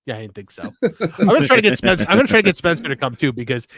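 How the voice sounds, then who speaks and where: A man's voice: on the high side, very animated, rapid-fire, a bit bright, no room sound. A man hosting a casual wrestling talk show, reading out viewer messages with jokes and laughter, his throat sore. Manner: laughing, joking, mock-reading in voices. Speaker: podcast host.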